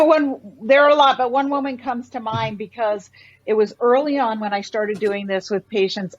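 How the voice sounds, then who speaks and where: Passionate middle-aged lady doc on a podcast, kinda high voice, dry dull sound. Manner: passionate, animated storyteller. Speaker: podcast guest, doctor. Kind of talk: casual interview talk.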